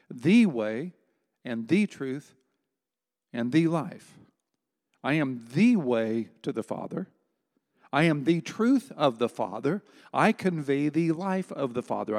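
An emphatic man delivers a sermon in a conversational way, stressing words and turning to the audience with asides. His voice sits a little high for a man. It rings out with a long hall reverb. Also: gravelly, a little mellow. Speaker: preacher.

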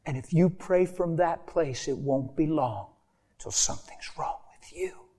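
A man preaching, voicing God as a soft, low, fatherly voice that gently corrects him. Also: measured pace, husky. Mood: gentle correcting.

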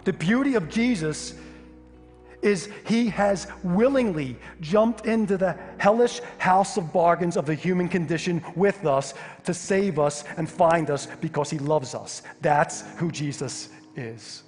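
Animated storytelling pastor in a hall. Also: male voice, a little high, unhurried. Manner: animated, humorous storytelling with sudden loud outbursts. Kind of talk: storytelling sermon. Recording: live hall reverb with faint music.

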